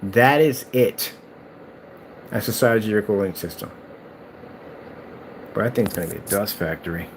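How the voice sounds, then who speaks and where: A man hosting a gaming video, ranting in exasperated, animated commentary and mocking imagined replies. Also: fairly low pitch, normal speed, pauses often, slight background noise. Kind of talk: ranting commentary over clips.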